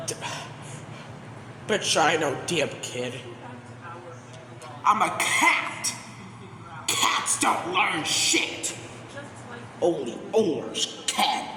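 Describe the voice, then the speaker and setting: Furious foul-mouthed tomcat, a man doing the voice, high and swooping, amateur comedy take, echoey room with long reverb. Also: lively intonation, extremely slow, pauses often, exaggerated voice. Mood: furious ranting. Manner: ranting, swearing, shouting outbursts. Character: foul-mouthed angry male house cat.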